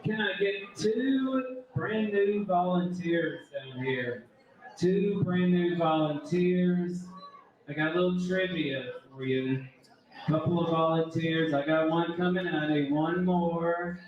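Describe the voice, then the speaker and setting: A man with a New York accent works a crowd as a debate moderator. His voice sits a little high, and he jokes and drives the audience along. He is heard from some distance, with heavy room echo and a lively crowd behind him. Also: slow pace, highs cut off. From New York City. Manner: joking, loud crowd-working. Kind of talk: live event hosting with audience. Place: brewery event space with live audience. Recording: echoey room, mic far off, crowd.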